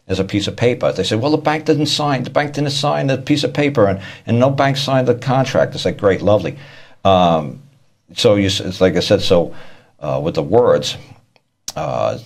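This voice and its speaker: Very deep-voiced man, rambling talk. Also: a little mellow. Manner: rambling, repeats words, acts out quoted people. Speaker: speaker on law and court tactics. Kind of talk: casual explanatory talk.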